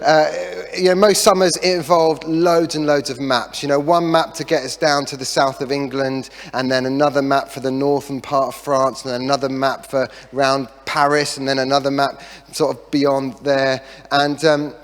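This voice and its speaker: A middle-aged man preaching a sermon as a pastor, telling a story in a chatty way with self-deprecating jokes and lively asides. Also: mid-range voice, moderate pace. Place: church hall. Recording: long reverb of a church hall.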